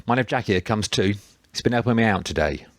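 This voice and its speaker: Big blunt working man, low and brusque, voiced by a male narrator. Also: lively intonation, brisk, no echo, lightly acted. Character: big sturdy blunt man, quick to anger.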